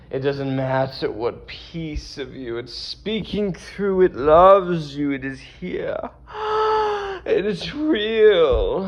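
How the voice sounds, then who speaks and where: A man voicing a loving channeled presence that speaks through him with a put-on accent, gasping and weeping between slow declarations. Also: a little high, creaky, pitched above the performer's own voice, exaggerated voice. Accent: unplaced put-on accent. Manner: gasping, weeping, drawn-out emotional outbursts. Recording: dull lo-fi recording.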